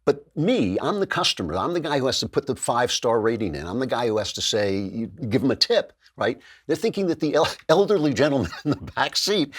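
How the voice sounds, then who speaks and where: An older man in his sixties hosting an opinion show, delivering an impassioned, rhetorical monologue in a slightly husky voice. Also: medium pitch, animated, fairly quick, hardly any pauses. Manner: impassioned, rhetorical, puts on mocking voices for others. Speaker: podcast host.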